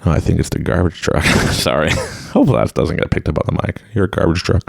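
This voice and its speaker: A man's voice: deep voice, animated, fairly quick, creaky, breathy edge, no echo. A man hosting his own podcast, giving an unscripted motivational talk and laughing often. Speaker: podcast host. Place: room at home with a mic.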